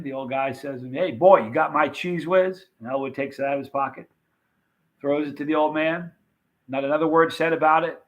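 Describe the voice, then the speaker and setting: A man hosting a casual live stream, reading viewer comments and rambling excitedly about old movie scenes. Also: fairly high pitch, dull audio. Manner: chatty, rambling, animated retelling of movie scenes.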